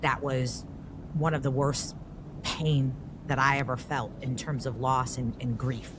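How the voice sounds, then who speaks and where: A woman's voice: rumbling low, unhurried, noisy background. A woman hosting a podcast, talking candidly and with rising animation. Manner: animated, rising emotion as she tells the story. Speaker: podcast host. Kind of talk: candid conversational podcast talk.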